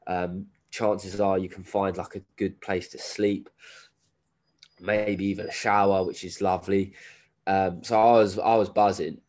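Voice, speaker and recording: A deep, low-pitched man, spinning a story casually for a podcast. He swears freely, drops laddish slang, and sounds like he is nursing a cold. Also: level tone, measured pace, darkish tone. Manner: swearing, laddish slang, laughs while telling. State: has a cold. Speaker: guest, endurance runner.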